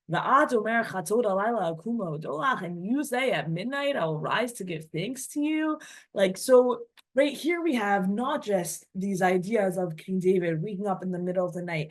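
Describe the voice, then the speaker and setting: A woman teaching a class on classical texts, reading passages aloud and translating them in a chatty, animated way. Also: mid-range voice. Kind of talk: text study class.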